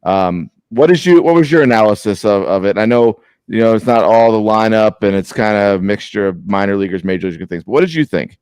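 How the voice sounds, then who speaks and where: A man's voice: lowish voice, lively intonation, brisk, hardly any pauses, a little mellow, clean tone, dry recording. Man co-host, rambles and restarts, casual sports chat on a close, dry call mic. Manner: rambling, apologetic, restarts a lot. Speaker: podcast co-host. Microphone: remote video call.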